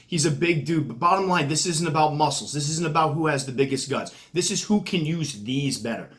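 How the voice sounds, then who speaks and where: A man's voice: on the high side, brisk. A middle-aged man with a New England accent, hosting his own channel and talking casually to camera, joking and trash-talking about himself. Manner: joking, self-mocking trash talk. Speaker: tarantula keeper and channel host. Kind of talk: casual vlog talk to camera, mock fight interview.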